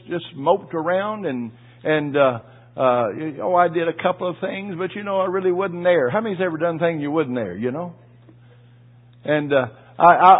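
A man preaching a sermon, telling a personal story in a folksy, emotional way with asides to the congregation, his voice husky. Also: on the high side. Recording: tinny phone-like audio.

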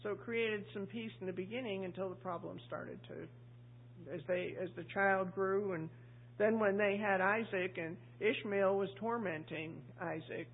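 A woman's voice: medium pitch, a little slow, husky. A woman preacher giving a chatty, conversational sermon, asking the congregation questions and acting out voices. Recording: tinny phone-like audio.

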